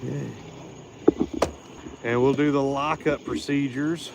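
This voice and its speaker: A man's voice: mid-range voice, steady tone, slow pace, gravelly, lo-fi sound. A man livestreaming from outdoors at night, coaxing his pet and chatting casually, a little out of breath. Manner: talks to his pet in coaxing baby talk between chatty asides. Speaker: livestream host caring for animals. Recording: noisy outdoor night recording with crickets.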